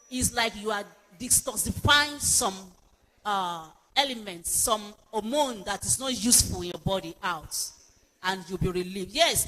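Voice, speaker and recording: A woman's voice: medium pitch, bright, forceful tone. A woman giving a sermon-like counselling talk, repeating her exhortations emphatically. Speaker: pastor and speaker. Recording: long hall reverb.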